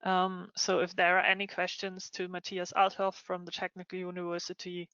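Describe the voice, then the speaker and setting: A woman's voice: lowish voice, monotone, moderate pace, fairly bright tone, clean tone, no room sound. A woman moderating a project webinar online, speaking with many hesitant ums. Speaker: session moderator. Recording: dull lo-fi online call.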